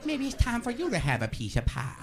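A man putting on a squeaky, high-voiced silly sidekick character who makes sing-song nonsense noises. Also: huge pitch swings, fast, full character voice. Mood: goofy. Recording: live club set with crowd and noise.

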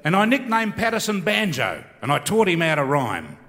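A middle-aged Australian comedian tells his story in a rambling, laconic way, his pitch rising and falling freely. He recites comic bush poetry for laughs. His voice rings out with a long hall reverb. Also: wildly swooping pitch, moderate pace, pushed and bright. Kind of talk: stand-up comedy with recited poem.

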